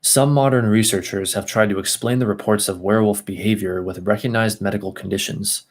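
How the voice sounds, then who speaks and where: A man's voice: fairly low pitch, steady tone, a little fast. A man reading a text aloud at an easy pace, stopping for asides and second tries at hard names. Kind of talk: casual reading and commentary.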